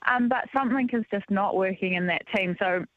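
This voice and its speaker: A woman's voice: mid-range voice, fairly quick, no room sound. Enthusiastic woman pundit on a dull, dry line. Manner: enthusiastic, lots of ums and yeahs. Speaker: motorcycle racing pundit. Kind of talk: casual radio sports chat.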